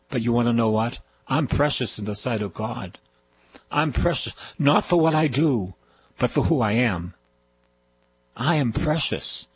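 An older man with a broad Boston accent delivers a radio sermon at an unhurried, deliberate pace. He hammers his points home through repetition, exhorting the listener with firm emphasis. His voice sits at an ordinary middle pitch. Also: a little hiss or hum, low-quality recording. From Boston, USA. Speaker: priest, radio preacher.

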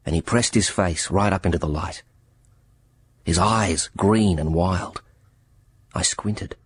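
A man narrating an audiobook in measured, expressive storytelling. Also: deep voice, breathy edge, dry recording.

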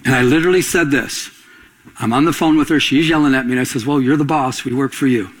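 A man's voice: medium pitch, fast talker, breathy edge, poor audio. A middle-aged male pastor preaching a sermon, quizzing his listeners and answering himself, climbing to emphatic peaks. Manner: call-and-response preaching, rising to emphatic peaks.

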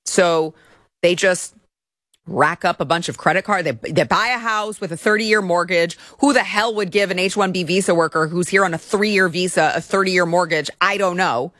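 A young woman hosts a commentary show with a lowish voice and a biting, sarcastic edge. She mocks and scoffs as she talks. The sound is dry and close, with no room around it. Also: normal speed, fairly bright tone, no room sound. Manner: sarcastic, mocking. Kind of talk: opinionated commentary.

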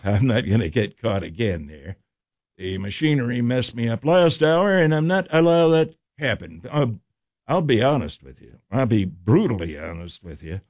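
A man's voice: medium pitch, dry recording. A man hosting a local morning radio show, joking and rambling as he reads out trivia callers and fumbles with the studio equipment. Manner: jokey, rambling, talks to himself while fumbling equipment. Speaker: radio host. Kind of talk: casual radio chat. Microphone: studio microphone.

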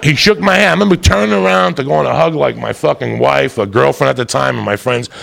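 A man doing profane stand-up storytelling on a club stage, loud and shouting his punchlines. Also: medium pitch, quick pace, gravelly. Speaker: stand-up comedian.

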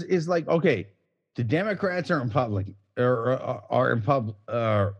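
A man's voice: medium pitch, a little slow, muffled recording. A drunk man co-hosting a casual podcast, swearing and rambling with slurred words. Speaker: podcast co-host.

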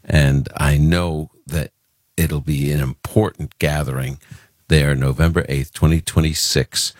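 A man's voice: a bass voice, fairly even intonation, a little slow, no echo, clean studio sound. A man from Brooklyn hosting a call-in radio show, talking earnestly and conversationally with fillers and restarts. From Brooklyn, New York. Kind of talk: casual radio talk.

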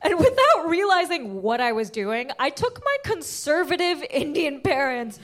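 A young woman with a high voice performs stand-up, spinning her stories with lively energy. She keeps shooting up into shrieking highs on the punchlines while the crowd laughs along. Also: moderate pace, a little hiss or hum. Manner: animated storytelling, jumping to shrieking high pitch for punchlines. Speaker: stand-up comedian. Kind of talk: stand-up comedy set. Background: audience laughter.

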